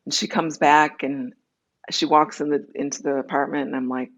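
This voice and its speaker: A woman's voice: sits low, fairly even intonation, highs cut off. A woman being interviewed, telling her personal story candidly and acting out the dialogue as she goes. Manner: candid, tells her story in quick runs with acted-out dialogue. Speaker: interview guest.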